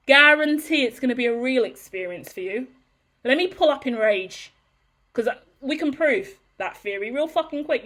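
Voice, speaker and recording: Woman, tarot reader, heated profane rant, blunt, higher voice. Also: lively intonation, normal speed, a bit bright. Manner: blunt, profane, ranting with rising intensity. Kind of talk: heated monologue to camera.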